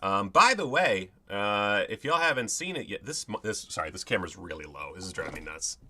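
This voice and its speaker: A man's voice: on the low side, expressive, brisk, pushed and bright. A man hosting his own show, chatting casually, rambling, swearing and mocking himself as he fiddles with his setup. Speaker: host. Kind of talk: casual home video chat.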